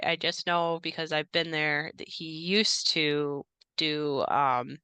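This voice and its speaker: Woman doing a nervous rambling house worker, low smooth voice, bright edge. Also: dry recording, exaggerated voice. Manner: hesitant, rambling, many fillers. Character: polite, nervous male house staffer.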